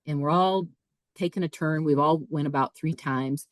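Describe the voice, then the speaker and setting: A woman, a podcast guest, telling a personal story in a lively way, often repeating and restarting her words. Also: sits low, normal speed, no room sound, poor audio. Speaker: podcast guest, author and speaker. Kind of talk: casual storytelling.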